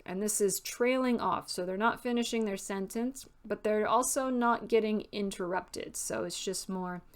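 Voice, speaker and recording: A woman author giving a casual writing tutorial, explaining step by step and reading example sentences aloud. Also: medium pitch.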